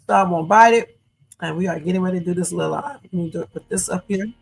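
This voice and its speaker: Chatty woman hosting a livestream, gravelly. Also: fairly low pitch, quick pace. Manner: chatty, addresses viewers as y'all. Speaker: livestream host. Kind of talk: casual livestream commentary. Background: faint music.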